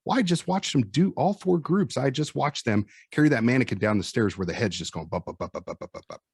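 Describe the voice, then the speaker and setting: A man in his forties with a Midwestern American accent, a firefighter and instructor telling animated stories and acting out what people said. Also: mid-range voice, quick pace, breathy edge, no echo, studio quality. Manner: animated storyteller acting out quotes. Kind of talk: casual storytelling chat.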